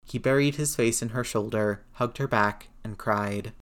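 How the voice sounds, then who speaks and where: A woman narrating a story aloud in a steady, measured way. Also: a bass voice. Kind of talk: audiobook narration.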